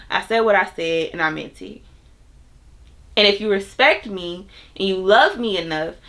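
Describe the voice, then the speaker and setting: A young woman with a bright, forward voice, giving self-help advice to her audience. She speaks in a loose, conversational way, with plenty of fillers and asides aimed right at the viewer. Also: mid-range voice. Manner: chatty, filler-heavy, talks straight to viewers. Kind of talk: casual advice monologue.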